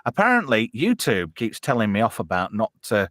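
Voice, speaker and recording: A man's voice: lowish voice, wildly swooping pitch, brisk, fairly bright tone, no room sound, clean studio sound. A man hosting a casual live-stream chat, swearing a lot and reading out chat comments. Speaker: host.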